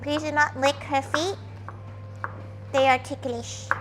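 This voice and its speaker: A woman's voice: high-pitched, flat delivery, slow, noisy background. A woman streaming as a VTuber, chatting casually while cooking and talking to her dog, playful and crude, referring to herself in the third person.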